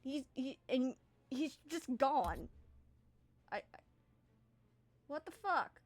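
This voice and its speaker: A woman's voice: high-pitched, very animated, slow, dry recording, pitched above the performer's own voice, exaggerated voice. A woman voicing a timid, easily frustrated young man who stammers, curses and breaks off mid-sentence. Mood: flustered. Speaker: game master voicing a companion.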